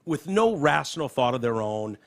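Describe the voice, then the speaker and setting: A man hosting a podcast, talking in an animated, profane, casual way about the news. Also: medium pitch, normal speed, creaky. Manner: animated, profane, reads quotes aloud. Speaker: podcast host. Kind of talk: casual political chat. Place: podcast studio.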